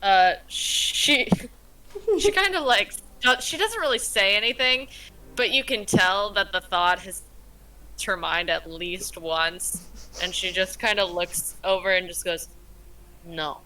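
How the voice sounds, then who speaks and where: A woman playing a tabletop role-playing game, describing her character's actions in a meandering, relaxed way. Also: medium pitch, measured pace, slight background noise, poor audio. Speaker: player.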